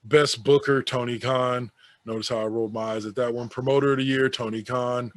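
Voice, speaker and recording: A man's voice: mid-range voice, fairly even intonation, fairly quick, dry recording. A man co-hosting a casual podcast, reading out a list of awards and adding sarcastic, offhand asides. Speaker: podcast co-host.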